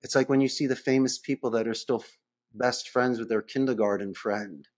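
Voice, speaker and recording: A man's voice: medium pitch, fairly even intonation, brisk, darkish tone. A man as a podcast guest who runs a call center, talking in a conversational interview and acting out phone calls in different voices.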